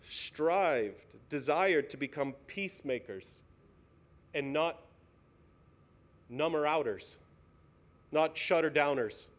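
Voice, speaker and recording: A male pastor preaching a sermon in a church, earnest and pleading, asking the congregation many questions. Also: fairly high pitch. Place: church sanctuary.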